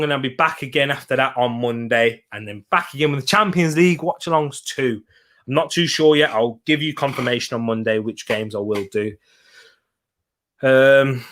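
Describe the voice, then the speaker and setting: A man's voice: medium pitch, a bit bright. A young man hosting a live football watch-along from a home setup, chatting upbeat with his viewers and laughing often.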